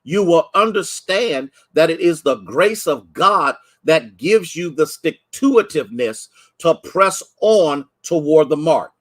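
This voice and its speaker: A man's voice: fairly high pitch, animated, slow pace, few pauses. A man preaching a sermon, repeating phrases for emphasis and calling out viewers by name. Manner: preachy call-and-response, greets online viewers by name. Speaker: pastor. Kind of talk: livestreamed sermon teaching.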